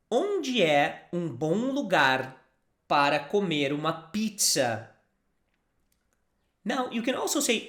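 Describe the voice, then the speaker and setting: A language teacher from Brazil speaks English with a Brazilian accent, moving at an unhurried, deliberate pace. Phrases come twice or three times so the learner can copy them, with patient repetition. The voice rings in an echoey room. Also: mid-range voice, fairly bright tone. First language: Portuguese. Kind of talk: language lesson.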